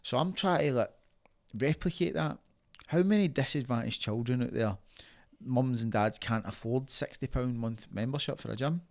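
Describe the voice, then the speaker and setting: Glaswegian man in his thirties, blunt podcast guest; gravelly, forthright and swearing. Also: medium pitch, moderate pace, darkish tone. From Scotland. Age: 30s. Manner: passionate, blunt, swears freely. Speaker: guest, fighter. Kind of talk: casual podcast interview.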